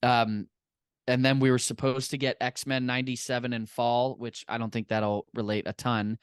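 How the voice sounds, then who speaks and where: Enthusiastic podcast host, dry close mic. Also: male voice, medium pitch, level tone, moderate pace, clean tone, no echo. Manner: enthusiastic, rambling. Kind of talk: casual chat.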